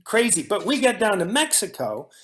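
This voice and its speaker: A man with a notably high voice spins lively anecdotes as a guest, circling back and restarting mid-thought. He sounds loose and conversational, and his stories keep tumbling forward. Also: normal speed. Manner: animated storyteller, frequent restarts. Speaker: actor guest. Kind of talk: casual storytelling in a conversation.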